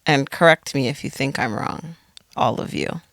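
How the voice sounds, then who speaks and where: A woman's voice: extremely low pitch, moderate pace, creaky, fairly bright tone, no echo, studio quality. A woman guest on a podcast, speaking frankly and pressing with questions. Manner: frank, questioning, repeats herself. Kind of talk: casual podcast chat.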